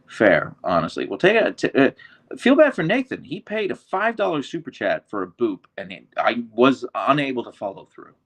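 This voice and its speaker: Easygoing male stream host, gravelly fry, animated pitch, reads comments off his phone. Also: moderate pace. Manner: chatty, easygoing, talks to his dogs between comments. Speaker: livestream host. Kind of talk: casual live chat reading viewer comments.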